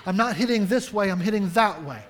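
High-voiced preacher in an echoing church. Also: male voice, brisk. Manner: earnest, direct, asks the congregation questions. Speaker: pastor. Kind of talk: sermon. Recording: long hall reverb.

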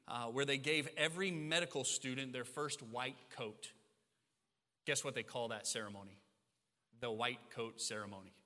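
A man's voice: on the high side, pushed and bright, long reverb tail. A man preaching a sermon as pastor, emphatic and repeating key lines for stress.

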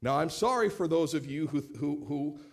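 The speaker is a pastor in his late thirties, preaching animatedly in a slightly high, creaky voice at normal speed. He plays out quoted voices and repeats words when beginning phrases.

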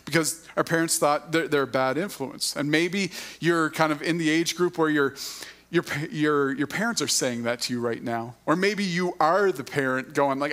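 A middle-aged man on church staff giving a sermon in a casual, halting way, often repeating words and using fillers. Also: a little high, fairly bright tone.

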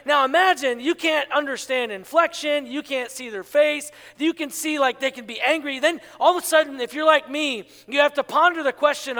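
A man preaching as a pastor, animated, acting out inner voices and asking the congregation to answer back. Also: very high voice, normal speed. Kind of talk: sermon. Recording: long hall reverb.

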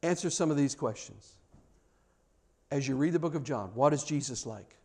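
A middle-aged man preaching a sermon as pastor, earnest and animated, often repeating words as he restarts his sentences. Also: medium pitch, normal speed.

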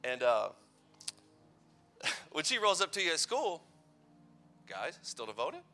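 A man's voice: on the high side, very animated, takes it slowly, pushed and bright. A man in his thirties giving a playful, conversational youth sermon full of personal stories. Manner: playful, conversational, teasing asides. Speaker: youth pastor.

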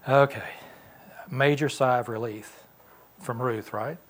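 A man's voice: mid-range voice, slow pace. A man teaching a Sunday school class in a church classroom, talking conversationally and asking the class questions.

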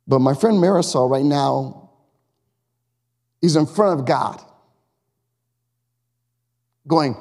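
Male pastor, higher-pitched and mellow, conversational and emphatic sermon, echoing sanctuary. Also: slow pace, pauses often. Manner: conversational, emphatic, asks the congregation questions. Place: church sanctuary. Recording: long reverb of a church hall.

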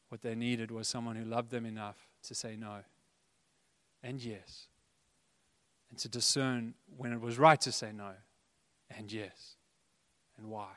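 A man preaching a sermon with a bright, crisp, resonant voice. He talks earnestly and conversationally and slips in playful asides. The sound carries a long reverb from a large church hall. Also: mid-range voice, steady tone, a little slow. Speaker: pastor.

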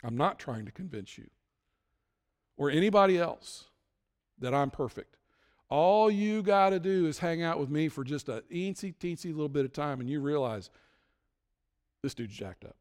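A man preaching a sermon as pastor, building from calm teaching to loud, emphatic peaks. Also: on the high side, normal speed, big-room sound.

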